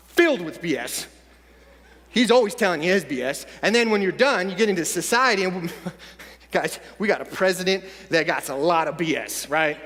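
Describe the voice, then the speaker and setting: A man giving an energetic, punchy motivational speech to a young audience in a large conference hall. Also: sits high. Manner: energetic, punchy, addressing the crowd directly. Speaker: motivational speaker.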